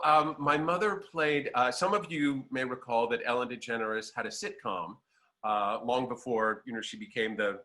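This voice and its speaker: Man, interview guest, bright clear tone, lively theatrical storytelling, laughs through his anecdotes. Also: medium pitch.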